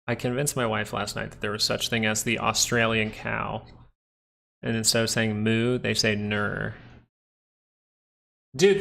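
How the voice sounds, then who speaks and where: A man's voice: medium pitch, gravelly, fairly bright tone. A man hosting a live stock market stream, chatting casually and joking with viewers between comments on the charts.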